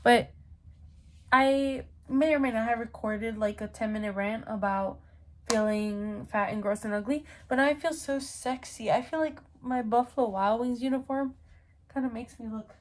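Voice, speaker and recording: A woman's voice: on the high side, normal speed. Rambling nasal young woman vlogging. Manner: rambling, chatty, full of "like" and tangents. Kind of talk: casual rant to camera. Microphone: phone camera.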